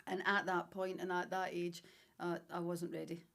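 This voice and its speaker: Brief: Ayrshire woman in her fifties, lowish voice, lively storyteller on a podcast. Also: normal speed, gravelly. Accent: Ayrshire Scottish. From Scotland. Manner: warm storytelling, enthusiastic. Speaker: guest, salon director. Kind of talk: casual interview chat.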